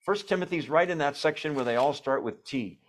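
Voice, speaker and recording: A man's voice: on the high side, a little fast, a little hiss or hum. A man leading an informal Bible study, explaining verse by verse with conversational asides. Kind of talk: informal teaching.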